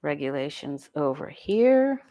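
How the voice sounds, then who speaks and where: A woman's voice: sits low, very animated, measured pace, mellow. A woman doing a casual solo tarot reading, thinking aloud, asking herself questions and restarting her sentences. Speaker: tarot reader.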